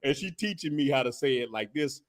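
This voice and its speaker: A man hosting a casual group chat, slangy and quick to laugh. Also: mid-range voice, expressive. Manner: slangy, laughs often, calls others big dog. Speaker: host.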